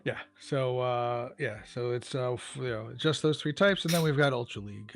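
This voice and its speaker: A man co-hosting a casual game news chat, talking in a halting way with many fillers and restarts. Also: mid-range voice, soft background music. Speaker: co-host.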